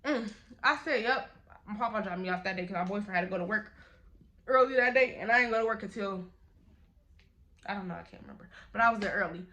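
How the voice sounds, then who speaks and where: A young woman, telling a casual storytime vlog in an animated, slangy way, acting out the quotes. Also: mid-range voice, quick pace, pauses often. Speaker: vlogger.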